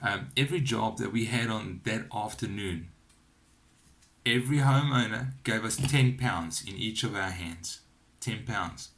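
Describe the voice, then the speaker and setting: A man with a fairly low voice shares a personal testimony at home, speaking into a camera on a shaky holder. His delivery is earnest and encouraging, with lively storytelling. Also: a little slow. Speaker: Christian vlogger sharing testimony. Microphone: camera on a cheap wobbly phone holder.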